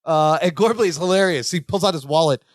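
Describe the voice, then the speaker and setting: A man with a high voice co-hosting a casual podcast, narrating sitcom scenes with amused laughter. The recording is close and dry, with no room echo. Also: quick pace. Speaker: podcast co-host. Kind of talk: casual chat recapping a sitcom episode.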